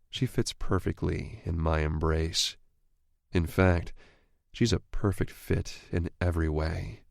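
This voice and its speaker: A man narrating a romance audiobook in the first person with a steady, even reading. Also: low voice, vocal fry, dry recording, clean studio sound.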